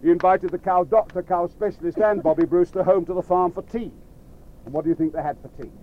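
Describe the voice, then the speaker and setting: A man telling a children's story to a live audience, lively and playful, talking straight to his listeners. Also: high voice, fast, dull audio.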